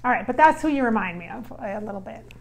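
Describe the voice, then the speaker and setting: A woman's voice: fairly high pitch, lively intonation, fast talker, creaky. A woman hosting her own channel as a psychic medium, chatting in a rambling, self-deprecating way. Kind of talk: casual chat.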